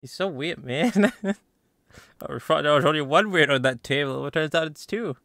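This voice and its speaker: Gravelly voiced man streaming a game. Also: fairly high pitch, unhurried, fairly bright tone, no echo, studio quality. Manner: laughing, mocking, chatty. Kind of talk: gameplay commentary.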